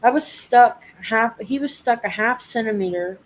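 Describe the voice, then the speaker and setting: A woman's voice: on the high side, moderate pace, low-quality recording. A young woman telling a story in casual chat, swearing freely and laughing often. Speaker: live chat host.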